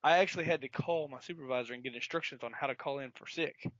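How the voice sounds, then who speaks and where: Animated, bright-voiced man telling a story. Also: medium pitch, fast, no room sound. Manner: animated storyteller, acts out a phone call, yells and laughs. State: sore throat. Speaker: podcast co-host. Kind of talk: casual chat.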